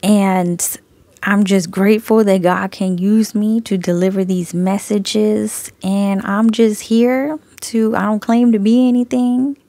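Speaking slowly in a warm, medium-pitched voice with fairly even intonation, this Christian video creator shares her testimony casually over a phone recording with no echo. She laughs frequently, narrates with animation, and plays both parts of each conversation.

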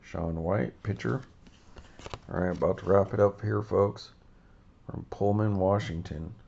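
A man hosting a baseball card vlog, talking casually in a self-described monotone, rambling with many fillers and self-corrections. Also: fairly low pitch, measured pace, gravelly, dull audio. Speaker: baseball card channel host.

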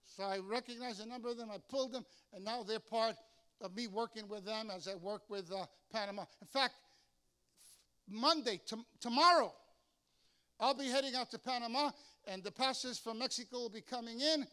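An older man preaching a sermon as pastor, telling lively stories and acting out the voices of the people in them. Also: very high voice, normal speed, clear, resonant tone. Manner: storytelling, animated, acts out voices in anecdotes. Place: church sanctuary.

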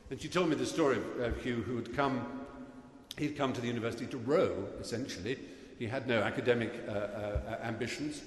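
A middle-aged man from England giving a wry, anecdotal graduation speech at a podium, halting now and then with fillers. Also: mid-range voice. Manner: wry, self-deprecating storyteller, halting with fillers. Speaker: graduation guest speaker. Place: large hall. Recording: echoey hall with long reverb, faint room noise.

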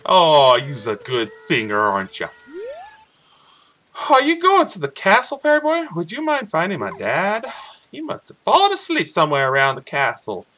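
A man's voice: a little high, huge pitch swings, normal speed, bright, forceful tone, heavily acted. A man voicing a cheerful young farm girl in a sing-song, folksy twang, reading game dialogue aloud. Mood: cheery, coaxing.

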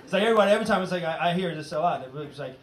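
A man's voice: a little high, animated, very fast. A man doing stand-up comedy in front of a live audience, with a brash, profane and punchy delivery. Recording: echoey room, far mic, loud crowd and noise.

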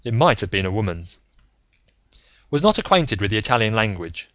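A man narrating an audiobook in a measured, even reading style. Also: fairly low pitch, no echo. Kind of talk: scripted narration. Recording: slightly muffled lo-fi recording.

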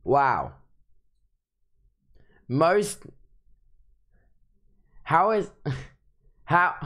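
A man's voice: a little high, sing-song, a little slow, pauses often. A sleep-deprived man streaming casually, reacting playfully and teasing his chat as he reviews unban requests. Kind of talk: casual livestream commentary.

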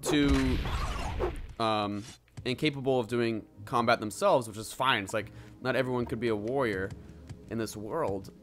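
A man's voice: medium pitch, moderate pace, over music. A man hosting a let's play, giving reactive gameplay commentary and exclaiming at what happens in the game.

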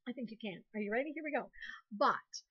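A woman's voice: on the high side, lively intonation, brisk, lo-fi sound, very noisy. A woman teacher giving a recorded lesson to young children in a cheerful, encouraging way, spelling words out letter by letter. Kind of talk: recorded online classroom lesson.

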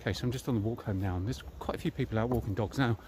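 A British man in his thirties, a fitness vlogger, walks through a park and talks bluntly and casually to the camera. His voice is fairly low and racing, with a noisy background behind him.

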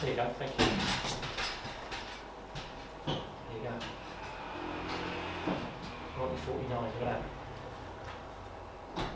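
A man giving an informal talk at an exhibition, telling stories in a chatty, animated way with repetitions and asides. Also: medium pitch, slow, long pauses. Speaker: guest speaker on wartime history. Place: exhibition room. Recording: echoey room from far off, noisy.

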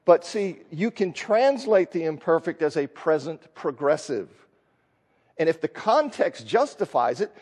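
A man's voice: on the high side, darkish tone, long reverb tail. A man teaching a Bible class in a conversational lecture style, thinking aloud and acting out the lines he quotes. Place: church classroom.

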